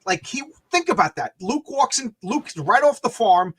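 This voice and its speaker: High-voiced older man chatting, stammering. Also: sing-song, normal speed, fairly bright tone, slightly rough. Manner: rambling, stammering restarts. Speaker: podcast host. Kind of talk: casual chat.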